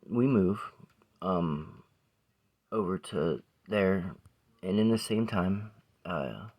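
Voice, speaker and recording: A man in his forties telling a rambling personal story to camera, swearing often and sometimes dropping to a near whisper. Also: low-pitched. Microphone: phone or camera close by.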